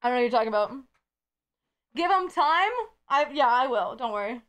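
A woman's voice: a little high, lively intonation, brisk, a bit bright, smooth. A woman streamer chatting casually with her live audience, bubbly and giggly and swearing freely.

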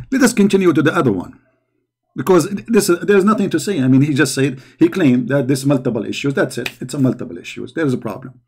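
A man speaking somewhat high, commenting on a video he is reacting to. He mocks and argues back in a sarcastic way, often repeating words with heat. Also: darkish tone, slightly rough.

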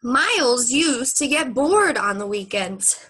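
A young woman teacher at home, recording a lesson and reading a story aloud to young kids in a chatty, lively way. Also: a little high, slow, slightly rough, poor audio.

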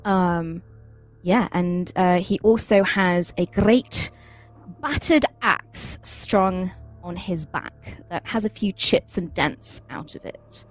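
A woman's voice: lowish voice, slow pace, faint music behind. A woman playing a tabletop role-playing game, introducing her character and joking about her own in a chatty, self-mocking way. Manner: chatty, self-deprecating, animated. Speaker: player.

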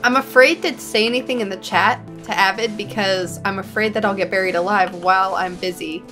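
A woman's voice: mid-range voice, fairly even intonation, brisk, bright, forceful tone, soft background music. A woman giving running commentary on her own gameplay, exasperated and self-mocking as she fails and retries. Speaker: gaming channel host.

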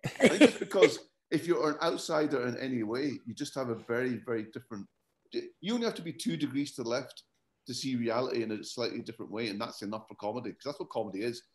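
A man from Scotland, born in London, with a Scottish accent touched by English, chatting as a comedian guest and telling animated stories with frequent laughs. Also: medium pitch, fast. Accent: Scottish with an English tinge. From born in London, raised in Scotland. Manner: animated storyteller, laughs often. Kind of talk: casual podcast chat.

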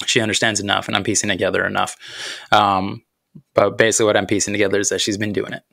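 A man's voice: fairly low pitch, flat delivery, vocal fry, pushed and bright, no room sound, clean studio sound. A man in his thirties, a podcast host telling a personal story about faith and parenting in an earnest, reflective way. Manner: earnest, reflective, unhurried, with thoughtful pauses.

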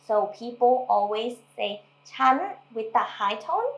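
A woman from Thailand casually teaching language, explaining patiently and repeating words slowly. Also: on the high side, fairly bright tone, echoey room, poor audio.

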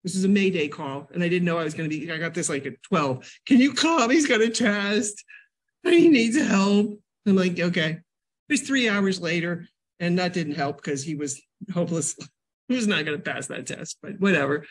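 An older woman from New England giving a casual health talk at a library, a chatty, animated storyteller. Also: fairly low pitch, fairly quick, breathy edge. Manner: chatty, animated storyteller with sudden loud jumps and laughs. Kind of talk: casual lecture with personal stories.

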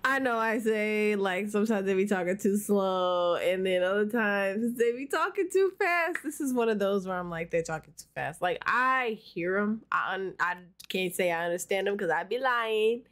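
A woman's voice: medium pitch, animated, moderate pace, few pauses, a bit bright. A woman hosting a casual reaction video, talking in a chatty, slangy, upbeat way.

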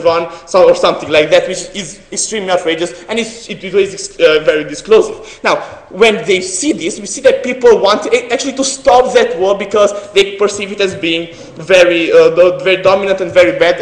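A young man from Romania delivers a competitive debate speech in English, his second language. His voice sits high, and he talks earnestly but haltingly, full of fillers and self-corrections. The sound rings around a large, echoing hall. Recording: echoey hall.

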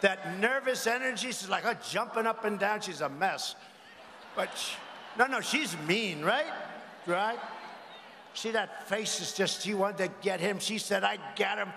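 A man's voice: high-pitched, lively intonation, measured pace, bright, forceful tone, a little hiss or hum. A man giving a rambling campaign rally speech from a podium, with mocking asides to the crowd. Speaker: political rally speaker. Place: large indoor arena rally. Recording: echoey arena hall with faint ambience.

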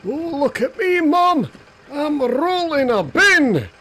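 A man doing a giddy high cheeky bear. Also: lively intonation, takes it slowly, creaky, fairly bright tone, a little hiss or hum, full character voice. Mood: excited. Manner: sing-song, giddy, bossy teasing. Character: cheeky excitable male bear, playful and rude. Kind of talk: comic voice-over of animal footage.

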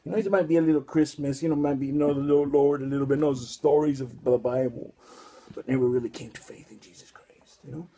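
Gravelly preacher, rambling. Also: male voice, mid-range voice, steady tone, quick pace, dark tone, a little hiss or hum. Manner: rambling, repetitive, street slang. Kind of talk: casual sermon.

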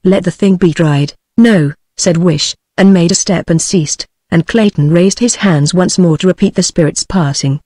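A woman's voice: on the low side, no room sound. Synthetic British woman reading a story. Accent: British English. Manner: even, measured synthetic delivery. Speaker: narrator. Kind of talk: text-to-speech audiobook reading.

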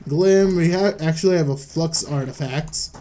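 A man's voice: fairly high pitch, normal speed, warm tone, slight background noise. A young man rambling through casual gameplay commentary at home, self-deprecating and trailing off, holding back coughs while his voice cracks. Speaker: gaming YouTuber. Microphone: desk mic.

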